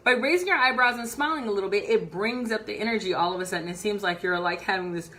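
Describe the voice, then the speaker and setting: Woman, video coach, bright voice, animated and upbeat, live stream tutorial, indoor office. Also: mid-range voice, fast talker. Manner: upbeat, animated, talks straight to camera. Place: indoor home office, moving around.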